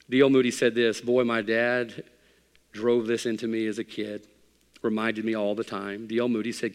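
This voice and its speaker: Impassioned preacher in a reverberant hall. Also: male voice, lowish voice, little pitch movement, a little slow, long pauses. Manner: swings from quiet, intimate talk to loud, impassioned preaching. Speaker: pastor. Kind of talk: sermon.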